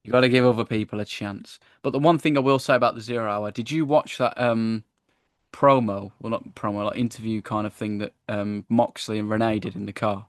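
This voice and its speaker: A man co-hosting a casual wrestling review podcast, chatty and animated as he retells the show. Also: on the low side, a little fast, dry recording, clean studio sound. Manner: chatty, animated when acting out wrestlers, frequent "I was like". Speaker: podcast co-host.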